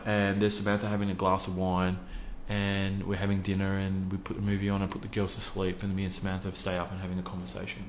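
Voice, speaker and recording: A man's voice: low voice, monotone, a little fast, hardly any pauses, a bit bright, reverberant. A man with an Australian accent speaking in an interview, earnestly telling a personal story with many ums. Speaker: interview guest, youth program founder.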